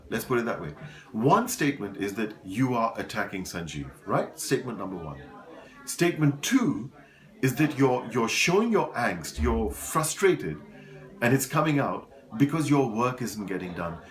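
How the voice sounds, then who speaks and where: Male motivational speaker, animated storyteller with a lively, swinging pitch and mid-range voice. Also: normal speed. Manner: animated storyteller addressing listeners as folks; repeats words for emphasis. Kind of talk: motivational talk.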